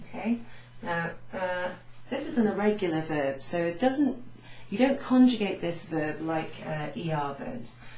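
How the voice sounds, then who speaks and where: Woman language teacher, lowish voice, slow careful explanations, lots of ums, roomy office echo. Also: a little mellow, a little hiss or hum. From Wales. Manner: explains slowly, repeats French phrases, many fillers. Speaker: French teacher. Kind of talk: recorded lesson recap for students. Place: home office with blinds closed.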